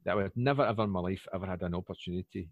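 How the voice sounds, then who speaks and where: British male, 40s, fast rambling anecdote-teller, husky low voice, dry close sound. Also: dry recording, highs cut off. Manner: rambling, animated storyteller with many fillers. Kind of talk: casual chat. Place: lives in Poland.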